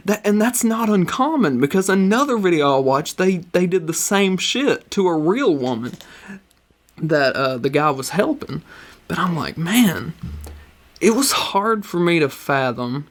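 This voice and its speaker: A man's voice: a little high, very animated, a little slow. A man co-hosting a podcast, telling stories in a loose, profane, rambling way. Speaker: podcast co-host. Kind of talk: casual chat.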